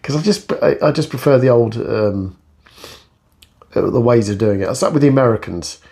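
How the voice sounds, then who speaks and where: A man's voice: medium pitch, normal speed, gravelly, dark tone. A middle-aged man in a casual ranting monologue, blunt, profane and sarcastic. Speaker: vlogger.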